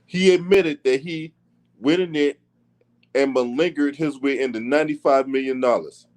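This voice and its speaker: A man's voice: medium pitch, normal speed, darkish tone. A man hosting his own sports commentary channel, talking bluntly and profanely in a combative rant. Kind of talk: casual commentary.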